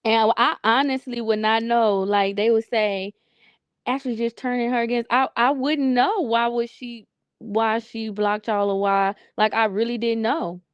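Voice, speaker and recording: A woman's voice: fairly high pitch, steady tone, measured pace, smooth, no room sound, lo-fi sound. A woman co-hosting a casual podcast, laughing often and acting out phone calls while swearing. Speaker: podcast co-host. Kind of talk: casual gossip chat.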